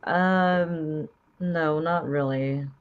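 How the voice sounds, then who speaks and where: A woman guest streamer giving short, low-key answers in casual chat. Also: fairly even intonation, extremely slow, clean tone, phone-quality sound.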